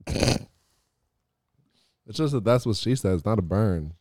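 A young man co-hosting a podcast, telling stories in animated casual chat, swearing and breaking into voices. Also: fairly low pitch, takes it slowly, no echo, clean studio sound. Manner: animated storytelling, swearing, keeps doing voices. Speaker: podcast co-host.

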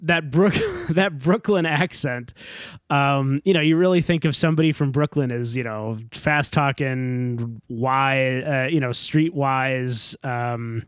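A man's voice: medium pitch, takes it slowly, clean tone, no room sound, clean studio sound. A man from the northern United States co-hosting a casual conversation, thinking aloud with many fillers and restarts. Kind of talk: casual chat.

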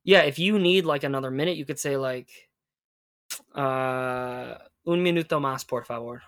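A man teaching conversational Spanish, patiently explaining and modeling phrases slowly. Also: mid-range voice, fairly bright tone, dry recording, clean studio sound.

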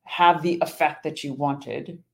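A woman co-hosting a podcast, chatting casually and explaining her points in a measured way. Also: sits low, fairly even intonation, creaky. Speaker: podcast co-host. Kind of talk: casual chat.

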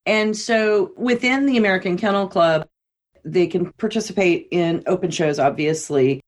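A woman's voice: lowish voice, moderate pace. A woman hosting a podcast interview. She keeps affirming the guest with short "right"s and asks open questions. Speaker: podcast host. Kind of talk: interview chat.

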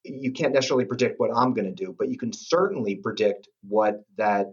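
A middle-aged man talking as a podcast guest, eager and halting, often restarting his sentences. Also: fairly low pitch, lively intonation, slightly rough, lo-fi sound. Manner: enthusiastic, halting, with many restarts. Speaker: guest, company executive. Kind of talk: casual podcast interview.

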